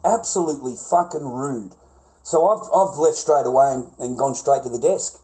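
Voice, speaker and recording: A man with an Australian accent delivering an angry, profane rant to camera, often flaring into loud, high outbursts. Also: moderate pace, poor audio. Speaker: vlogger. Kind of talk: profane ranting monologue.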